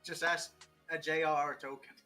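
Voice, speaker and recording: A man's voice: a little high, little pitch movement, normal speed, pushed and bright, faint music behind, low-quality recording. A young man chatting as a guest on a writing stream, rambling, joking and swearing freely. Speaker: guest writer. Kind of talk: casual chat.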